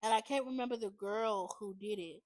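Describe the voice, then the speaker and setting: A woman's voice: mid-range voice, normal speed, darkish tone, no room sound. A woman beauty vlogger talking casually through a makeup tutorial, chatty and constantly addressing her viewers as y'all.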